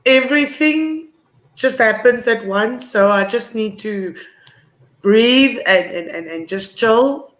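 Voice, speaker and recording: A woman from South Africa co-hosting a morning show, soft and subdued in her replies. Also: on the high side, expressive, slow, reverberant. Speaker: co-host.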